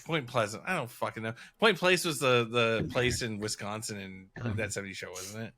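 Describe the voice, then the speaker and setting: A man's voice: fairly low pitch, moderate pace, pushed and bright. A man co-hosting a casual podcast chat who sounds wry, sceptical and blunt. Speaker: podcast co-host.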